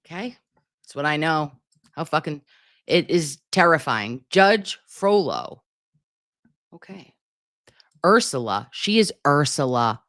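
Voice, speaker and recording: A woman hosting a casual live stream, reading chat comments aloud in an animated, chatty way and swearing freely. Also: sits low, takes it slowly, long pauses, no echo, studio quality.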